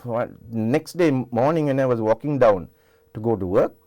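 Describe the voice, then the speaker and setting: In a TV studio interview, an older Sri Lankan English-accented singer rambles through casual stories, often restarting. He speaks animatedly at a moderate pace, with a medium-pitched, darkish voice.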